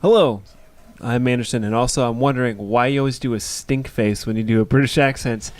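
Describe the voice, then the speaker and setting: A man's voice: medium pitch, brisk, dry recording. A man co-hosting a comics podcast, teasing the others in a dry way. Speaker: podcast co-host. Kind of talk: casual podcast chat.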